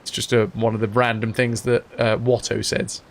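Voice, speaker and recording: A man's voice: on the low side, level tone, moderate pace, a little hiss or hum. A man chatting casually while streaming a role-playing game and thanking viewers.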